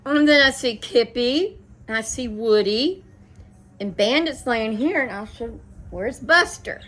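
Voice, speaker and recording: A woman's voice: fairly high pitch, unhurried, fairly bright tone. Chatty woman telling a story. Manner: chatty, rambling, with many restarts and quoted dialogue. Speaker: host. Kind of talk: casual storytelling chat.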